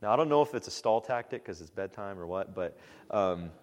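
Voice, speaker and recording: Male pastor, lower voice, casual teaching talk, reverberant church hall sound. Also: a little fast. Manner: relaxed and conversational, with frequent "um"s and animated quoted asides.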